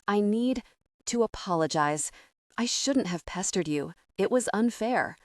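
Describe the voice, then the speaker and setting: A woman reading an audiobook, voicing an earnest young man who talks in a low, dry, carefully measured way. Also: animated, no room sound. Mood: earnest, gentle. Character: earnest young man, gentle, quietly heartbroken.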